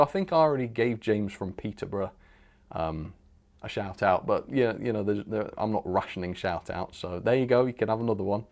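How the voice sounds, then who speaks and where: A man's voice: on the low side, darkish tone. A man hosting a live stream, chatting casually and rambling as he reads out viewer comments with frequent chuckles.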